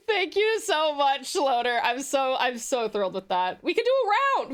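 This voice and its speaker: A woman's voice: high-pitched, very animated, measured pace, hardly any pauses. A young Australian woman streaming live, chatting with viewers in a bubbly, giggly way while she snacks. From Tasmania, Australia. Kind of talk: casual live stream chat.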